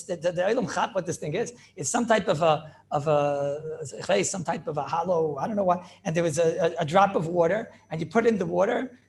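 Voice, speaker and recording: High gravelly rabbi teaching a class. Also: male voice, a little hiss or hum. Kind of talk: informal Torah class. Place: classroom with students.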